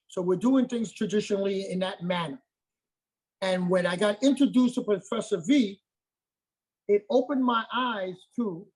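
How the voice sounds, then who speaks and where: A man's voice: sits high, darkish tone, husky, low-quality recording. A middle-aged man, a martial arts master, talking as an interview guest in an emphatic, repetitive way, often checking in with "okay?". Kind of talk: casual interview talk.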